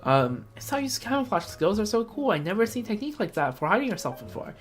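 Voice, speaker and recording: A woman voicing a cheerful, earnest young girl traveler in a game, speaking brightly. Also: medium pitch, very animated, a little fast, faint music behind, natural voice. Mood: admiring. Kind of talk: game character voice line.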